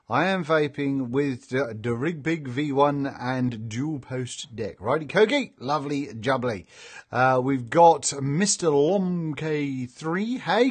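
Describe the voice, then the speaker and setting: A middle-aged man with a chatty, jokey manner, hosting a casual live stream and reading out viewer comments. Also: on the high side. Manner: chatty and jokey, laughs often.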